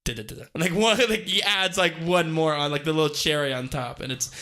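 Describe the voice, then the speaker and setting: Young man, bright forceful voice, casual podcast chat, laughs often, swears casually. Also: a little high, brisk. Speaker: podcast co-host.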